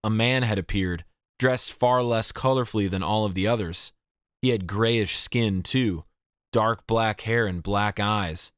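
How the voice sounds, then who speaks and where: A man with a fairly low voice reads a fantasy audiobook at a measured, steady pace. The sound is dry and close, with no room around it. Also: clean tone, no room sound. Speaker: audiobook narrator. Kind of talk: scripted narration.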